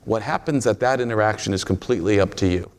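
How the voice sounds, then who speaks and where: Gravelly low-voiced man preaching folksy. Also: quick pace. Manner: folksy storytelling, jokes with the congregation. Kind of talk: sermon.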